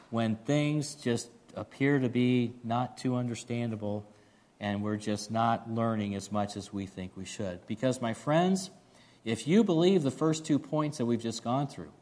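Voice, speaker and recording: A man's voice: mid-range voice, darkish tone. A man preaching a sermon, reading scripture aloud and then explaining it with earnest direct questions to his listeners. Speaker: pastor.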